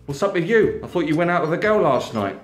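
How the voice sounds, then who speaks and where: A man's voice: fairly high pitch, sing-song, quick pace, soft background music, voice pushed up. A man voicing a cheeky young man who teases his friend with pushy questions, in an echoey room. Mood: teasing. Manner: teasing, prodding questions.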